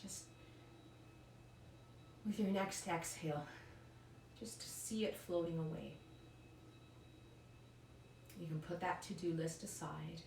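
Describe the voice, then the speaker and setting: A woman leading a yoga class in a calm, encouraging way, often checking in with "right?". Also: on the low side, takes it slowly, creaky, pauses often, a little hiss or hum. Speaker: yoga instructor. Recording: roomy echo, mic at a distance.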